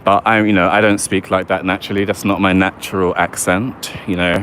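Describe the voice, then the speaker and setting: Low-voiced guy chatting away on a live walkabout, faint traffic hum outside. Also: level tone, a little fast, fairly bright tone. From London, England. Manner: chatty and rambling, keeps asking "do you know what I mean". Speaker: livestreamer giving a walking tour. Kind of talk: casual live walking vlog. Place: outdoors in a city park by water.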